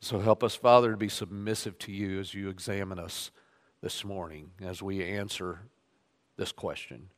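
A man's voice: sits low, fairly even intonation, moderate pace, big-room sound. A man preaching a sermon, reading scripture aloud and stressing the quoted lines, then leading a prayer. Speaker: pastor. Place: church sanctuary.

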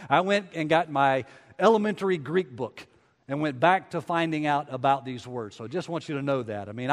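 Man, middle-aged pastor, folksy rambling sermon, slightly high voice, long church-hall reverb. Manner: folksy, rambling, self-deprecating. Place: church sanctuary.

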